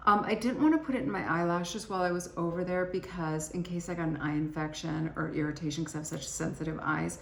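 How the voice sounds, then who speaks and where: A woman's voice: lowish voice, fast, gravelly, few pauses. A middle-aged woman chatting casually to camera as a beauty vlogger, rambling and self-deprecating, tired and cranky after travel. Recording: echoey room with faint ambient noise.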